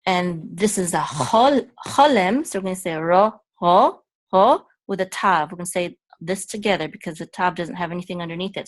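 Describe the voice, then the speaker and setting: A woman teaching a Hebrew reading lesson step by step, patient and halting, with frequent ums and self-corrections. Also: lowish voice.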